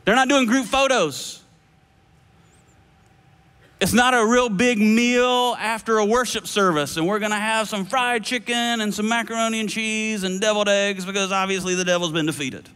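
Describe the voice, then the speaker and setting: A man preaching a sermon, animated and playful with shifting voices. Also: sits high, normal speed, smooth. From United States. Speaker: pastor. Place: large church hall. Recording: long hall reverb.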